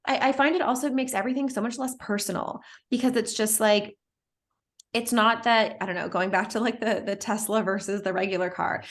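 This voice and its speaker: A woman's voice: medium pitch, steady tone, fairly quick. A woman from Canada, a guest in a casual interview, talking in a chatty way with many "like" fillers and easy laughs. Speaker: guest, Human Design teacher.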